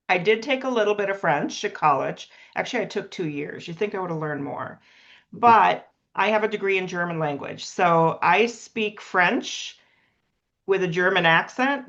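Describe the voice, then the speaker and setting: Lady with a lowish voice pitching river cruises on a video call, chatty and upbeat, kinda dull muffled audio. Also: a bit bright. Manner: upbeat, chatty, self-deprecating. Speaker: cruise line sales partner. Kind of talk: casual webinar presentation.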